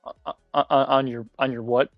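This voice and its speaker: A man livestreaming a game in casual, excitable chat, giggling often and shouting catchphrases. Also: medium pitch, normal speed, vocal fry, no room sound, dull audio, faint music behind. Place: at home, mom nearby.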